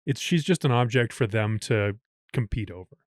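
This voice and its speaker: A man's voice: on the low side, moderate pace, no room sound, studio quality. A man co-hosting a podcast in casual chat, talking loosely and often saying "like". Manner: chatty, leaning on "like" and "um" fillers. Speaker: podcast co-host.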